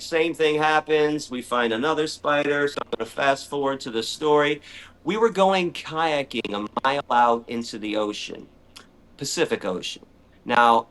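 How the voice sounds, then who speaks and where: A middle-aged man telling a story in conversation, animated and excitable. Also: mid-range voice. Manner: animated, excitable storyteller who acts out his own shrieks. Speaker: animal rights speaker, guest.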